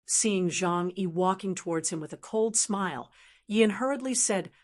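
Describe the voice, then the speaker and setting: A woman narrating a translated novel audiobook in a steady reading voice. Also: lowish voice, unhurried.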